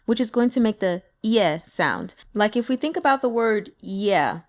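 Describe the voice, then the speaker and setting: An upbeat woman, a native English speaker, walks through pronunciation in a casual, friendly lesson. She demonstrates each sound with big, exaggerated examples, and her voice sits at an ordinary middle pitch. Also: animated, normal speed. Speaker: language teacher.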